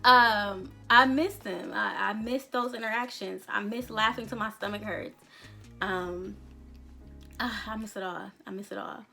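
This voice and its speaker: A woman's voice: medium pitch, measured pace, creaky, pushed and bright, faint music behind. A woman in her thirties talking candidly to her viewers in a casual, reflective vlog, rambling a little, laughing often and swearing casually. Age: 30s. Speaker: vlogger, songwriter. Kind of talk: casual reflective chat to camera.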